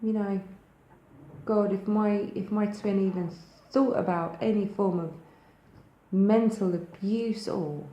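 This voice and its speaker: A woman's voice: medium pitch, steady tone, takes it slowly, mellow, reverberant, low-quality recording. A woman with a Thanet accent from Kent, talking straight to camera as a spiritual video host in a frank, emphatic way that swears freely. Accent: English, Thanet in Kent. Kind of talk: casual direct-to-camera talk.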